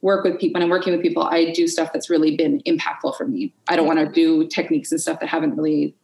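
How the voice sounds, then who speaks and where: A woman as a podcast guest in an unscripted conversation, candid and expressive, swearing freely and acting out her inner voices. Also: deep voice, quick pace, creaky, reverberant, poor audio.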